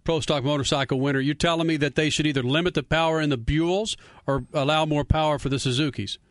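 A man's voice: on the high side, fairly even intonation, fast talker, no room sound, studio quality. A man hosting a motorsports radio show, brash and joking, also reading ads. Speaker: radio host.

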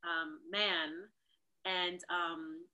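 A woman from New York, a dancer and podcast guest, telling lively stories in casual conversation and acting out the people she quotes. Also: extremely slow, highs cut off. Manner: animated, acts out quotes with big jumps in pitch. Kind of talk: casual storytelling interview.

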